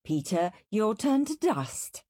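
A stern, weary mother scolds firmly, as a woman reading a storybook puts her on. Her voice rises sharply on commands, slightly breathy and close. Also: medium pitch, sing-song, slow, dark tone, no room sound, pitched above the performer's own voice. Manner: firm, scolding.

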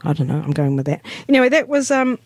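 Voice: mid-range voice, sing-song, fast, darkish tone, no echo, studio quality. A radio host, chatting casually between songs and rambling as they think aloud.

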